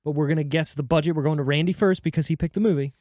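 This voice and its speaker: A man's voice: fairly high pitch, fairly even intonation, rapid-fire, darkish tone, no room sound, clean studio sound. A man hosting a casual podcast chat, loose and joking, with some swearing. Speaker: podcast host.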